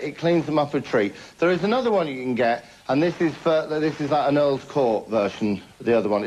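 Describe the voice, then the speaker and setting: A man hosting a comedy show, delivering a chatty, boastful, name-dropping monologue to camera. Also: mid-range voice. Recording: dull lo-fi TV recording with noise.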